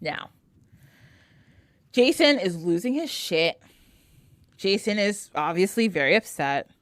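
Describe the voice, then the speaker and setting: A woman retelling a myth in casual, animated storytelling, sprinkled with "like". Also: medium pitch, takes it slowly, no room sound. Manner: animated, heavy use of "like". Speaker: podcast guest.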